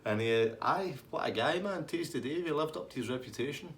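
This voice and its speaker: A man's voice: a little high, expressive, brisk, a bit bright, echoey room, a little hiss or hum. A man telling a funny anecdote in a casual, colloquial way with swearing. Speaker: storyteller.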